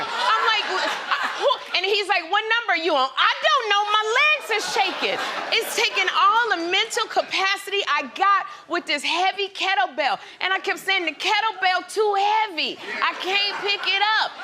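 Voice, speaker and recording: A woman guest-hosting a talk show, telling a comic story in an animated way and acting out the quotes herself. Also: very high voice, noisy background. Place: TV studio with live audience.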